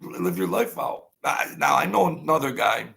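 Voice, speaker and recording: Older male host, gravelly and forceful, blunt and wary in a casual monologue. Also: on the high side, lively intonation, moderate pace. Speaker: channel host. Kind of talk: rambling casual storytelling.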